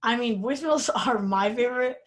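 A woman's voice: fairly high pitch, a little fast. A young adult woman co-hosting a podcast, making dry, exasperated remarks. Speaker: podcast co-host, daughter of the guest. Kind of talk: casual podcast chat.

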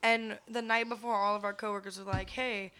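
A woman's voice: medium pitch, little pitch movement, fairly quick, sharp tone. A woman co-hosting a podcast in casual chat, blunt and slangy, with plenty of swearing. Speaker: podcast co-host.

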